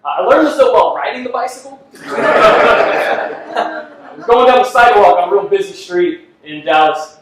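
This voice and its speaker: A man's voice: high-pitched, moderate pace. A man performing a self-deprecating stand-up comedy set, laughing at his own jokes on a club stage. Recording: echoey club from far off with faint noise.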